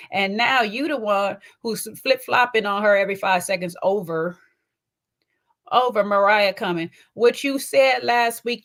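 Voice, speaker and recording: A woman's voice: fairly high pitch, fairly bright tone. A woman hosting a chatty, sassy reality TV recap, with a slight twang and a habit of tagging her lines with little asides. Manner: chatty and sassy, often tags lines with "okay?" and "child". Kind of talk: casual commentary.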